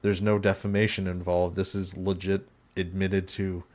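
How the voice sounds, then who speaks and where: A man's voice: deep voice, flat delivery, normal speed, darkish tone. A man hosting a podcast in casual chat, blunt and opinionated, often laughing. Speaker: podcast host.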